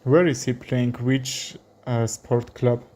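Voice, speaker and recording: A man from Armenia with an Armenian accent, a chess streamer commenting live in halting English with many fillers. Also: medium pitch, steady tone, darkish tone.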